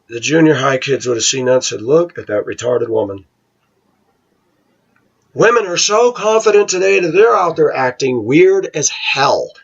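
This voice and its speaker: Husky-voiced man ranting scornfully. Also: highs cut off. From United States. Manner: opinionated, scornful, mocks voices in falsetto. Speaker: vlogger. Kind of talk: casual ranting monologue.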